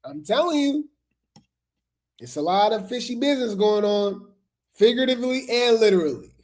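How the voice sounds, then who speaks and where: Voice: mid-range voice, lively intonation, moderate pace, a little mellow. A host giving casual, gossipy commentary on reality TV drama, chatting straight to viewers and repeating phrases.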